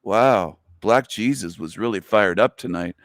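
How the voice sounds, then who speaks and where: Male livestream host, slow drawling delivery, mocking and crude, dry close mic. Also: fairly low pitch, no room sound. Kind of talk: casual livestream monologue.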